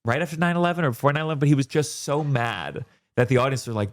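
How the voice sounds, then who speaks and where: A comedian chatting casually as a guest, animated and quick, with sudden rises in pitch when he makes a point. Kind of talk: casual conversation.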